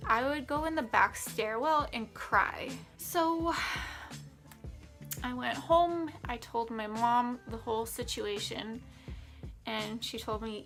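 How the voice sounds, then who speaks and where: A young woman telling a personal story in a candid, rambling vlog, often pausing and restarting. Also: a little high, creaky, fairly bright tone, faint music behind. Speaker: vlogger.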